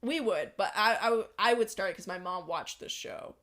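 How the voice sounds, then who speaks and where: A woman's voice: medium pitch, normal speed, a bit bright. A young woman co-hosting a podcast in casual chat, laid-back and swearing casually. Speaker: podcast co-host.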